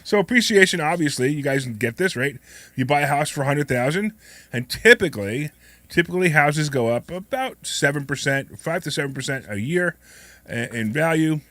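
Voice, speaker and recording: A hoarse man co-hosting a call-in show, chatting casually and joking with his partner. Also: a little high, a bit bright, dry recording. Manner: upbeat, joking, plugs the phone number. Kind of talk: casual radio chat.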